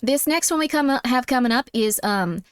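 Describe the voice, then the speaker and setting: A young woman streamer with a squeaky voice and a put-on Southern accent, chatting sweetly with viewers and calling them sweetie. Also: expressive, moderate pace, clear, resonant tone, no echo, studio quality. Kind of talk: casual livestream chat.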